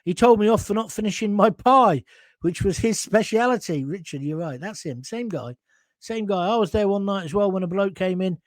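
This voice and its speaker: A man's voice: high voice, expressive, moderate pace, dry recording. An older man hosting a live show, telling anecdotes in a chatty way and often checking in with "right?". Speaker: host. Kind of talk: casual storytelling on a live show.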